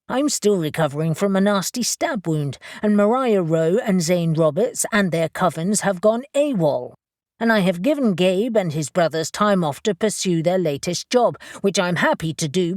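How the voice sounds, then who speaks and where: A woman's voice: fairly low pitch, a little mellow, no echo, clean studio sound. A woman voicing a proud, curt male company boss in an audiobook, with a clipped manner.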